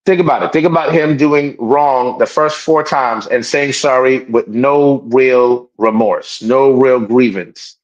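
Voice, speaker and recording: Talking a little slowly in a medium-pitched voice, a man co-hosts a casual podcast, speaking emphatically and often repeating or restarting his sentences. When quoting others he acts them out in raised voices, and the recording has its highs cut off.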